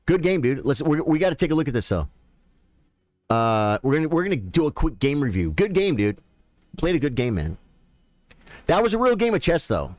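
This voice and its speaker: A man streaming chess, chatting casually with viewers and thinking out loud about his games. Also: fairly high pitch, big pitch swings, fairly quick, pauses often, dry recording. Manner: chatty, thinks aloud, addresses viewers directly. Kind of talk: casual live-stream commentary.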